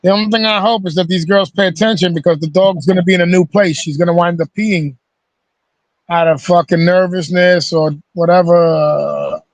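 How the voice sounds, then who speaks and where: A man hosting a casual video call, telling stories in an animated, profane way. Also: high voice, normal speed, no echo. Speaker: host. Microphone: video call mic.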